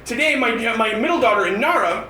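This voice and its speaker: Doing stand-up on a bar's open mic stage, this high-voiced comic rambles through stories with frequent restarts, sounding animated, fairly quick, and sharp-toned. The indoor room is echoey and noisy, and he is well away from the mic.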